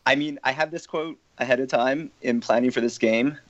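A man's voice: medium pitch, fairly even intonation, normal speed, no echo. A man hosting a casual group discussion, chatty and laughing often as he leads the talk. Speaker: podcast host. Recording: dull, dry lo-fi audio.

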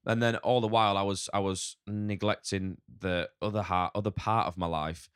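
A man with a northern English accent talks in a very low, deep voice, blunt and full of swearing. He rambles through a casual podcast chat as a chef guest. The sound is dry and close. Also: steady tone, normal speed, clean tone, no echo. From north of England. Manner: swears a lot, frank and rambling.

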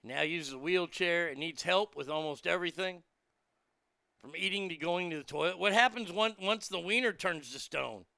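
A man's voice: sits high, normal speed, gravelly, bright, forceful tone, no echo, studio quality. A man riffing crude, mocking jokes in a casual comedic monologue, chuckling at his own lines.

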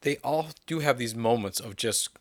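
A man in a casual film discussion, relaxed and agreeable with some casual swearing. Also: medium pitch, normal speed, no echo, clean studio sound.

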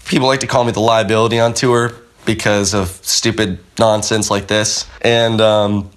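Speaking at a moderate pace in a fairly low, level tone, this young pro skateboarder is a guest on a podcast. His storytelling is loose and rambling, full of filler words and curses, and he performs the voices of the characters he describes.

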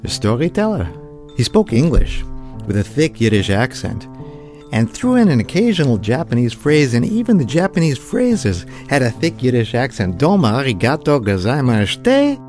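A man's voice: medium pitch, big pitch swings, normal speed, warm tone, soft background music. A man, a professional storyteller, narrating a personal story vividly and slipping into the voices of the people he quotes.

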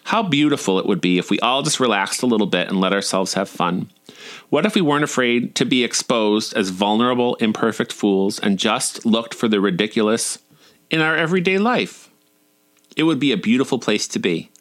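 A man's voice: mid-range voice, expressive, a little fast, a bit bright. A man in his forties reading his own humorous personal essays in a wry, irreverent, playfully profane way. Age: 40s.

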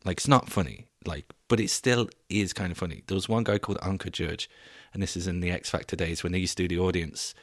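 A young man hosting a podcast, telling stories in a casual, animated, comedic way, swearing and laughing as he goes. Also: deep voice, quick pace, no room sound, clean studio sound. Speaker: podcast host.

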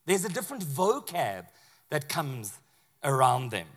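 A man, a pastor, preaching a sermon in a conversational, animated way with acted asides. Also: on the high side, measured pace.

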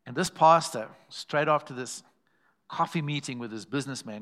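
In a church, a man preaches a storytelling sermon, calling out to the congregation and acting out the voices he quotes. His medium-pitched voice is creaky, and he speaks animatedly at a fairly quick pace.

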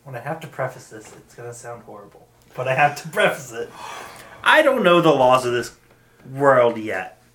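A man's voice: mid-range voice, moderate pace. A man playing a tabletop game, joking around and musing aloud about his character's plans. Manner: animated, joking, sometimes trails off tiredly. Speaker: player. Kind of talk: casual play banter.

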